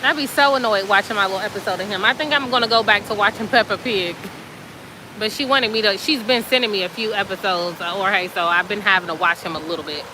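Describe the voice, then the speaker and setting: A woman host telling a story in a casual, chatty way, animated and colloquial with plenty of fillers. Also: medium pitch, fast talker, noisy background.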